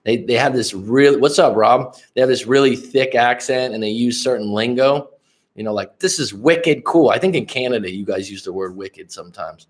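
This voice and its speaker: A man's voice: mid-range voice, steady tone, moderate pace. A male life coach hosts a casual livestream. He rambles from one thought to the next, swears freely and often stops to speak straight to viewers in the chat. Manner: rambling, profane, addresses chat viewers directly.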